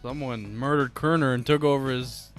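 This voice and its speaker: A man's voice: medium pitch, steady tone, moderate pace, faint music behind. A man co-hosting a podcast in casual chat, joking and blunt, with some swearing. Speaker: podcast co-host.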